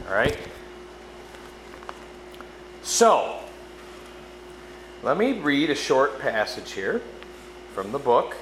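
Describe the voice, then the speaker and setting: A man's voice: medium pitch, lively intonation, measured pace, long pauses. A man preaching a conversational sermon, often checking in with his listeners. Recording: echoey room with background noise.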